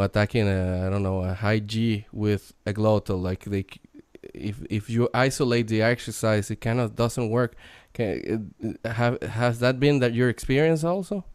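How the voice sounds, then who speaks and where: Low-voiced man host, smooth and dry. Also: fairly even intonation, unhurried, a little mellow, no room sound. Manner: hesitant, many fillers and restarts. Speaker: interview host. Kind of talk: casual interview questions.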